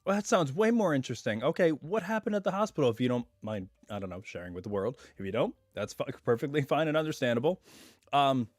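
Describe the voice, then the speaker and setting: Rambling, slightly hoarse man streaming live. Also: mid-range voice, big pitch swings, fast talker, no echo, clean studio sound. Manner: chatty and rambling, full of asides. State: hoarse, recovering voice. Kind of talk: casual live stream chat. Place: at home.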